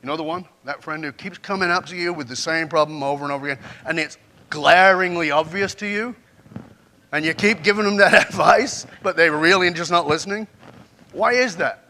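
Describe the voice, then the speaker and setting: A man speaks at a conference in a bright, forceful voice pitched a little high. He tells stories and keeps checking in with the audience. His talk has the steady drive of a motivational keynote. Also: a little fast. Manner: storytelling, asks the audience questions. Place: conference stage before a live audience.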